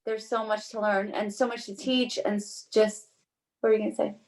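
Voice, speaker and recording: A woman's voice: medium pitch, little pitch movement, normal speed, a little mellow, rough recording. Agreeable woman in casual chat. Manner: agreeable, affirming.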